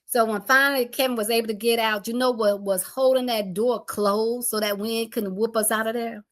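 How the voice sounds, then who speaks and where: A middle-aged woman tells a personal storm story, acting out her family's voices in an animated way. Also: fairly high pitch, moderate pace.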